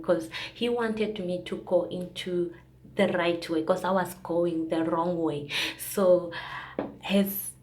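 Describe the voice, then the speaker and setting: A young woman vlogger sharing a casual, earnest faith testimony, rambling with fillers and restarts. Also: lowish voice.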